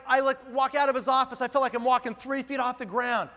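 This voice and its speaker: A middle-aged man with a high voice tells a story from a big hall, and the sound rings with a long reverb. He talks with a lot of animation and acts out each person in the tale. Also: fairly even intonation, quick pace, sharp tone, a faint crowd. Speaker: business speaker. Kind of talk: storytelling talk to an audience.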